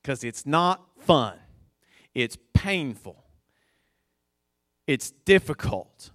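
Slow, deliberate male preacher. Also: fairly high pitch, sing-song, fairly bright tone, dry recording, studio quality. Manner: slow, deliberate preaching that swells to emphatic peaks. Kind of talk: sermon.

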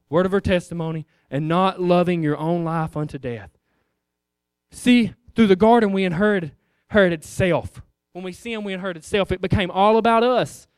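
A man preaching in a loose, conversational way, throwing questions out to the congregation. His voice is high and smooth, and it sounds dry and close. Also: dry recording. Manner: conversational, rhetorical questions, addresses the congregation as guys. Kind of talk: informal sermon.

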